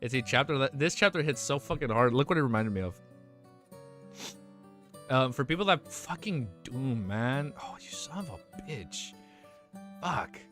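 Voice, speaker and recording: A young male streamer reads a web novel aloud and keeps stopping to react with swearing and emotion. His voice sits at a typical middle pitch. Quiet guitar music plays underneath. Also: animated, normal speed, long pauses. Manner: swears freely, reacts emotionally between passages.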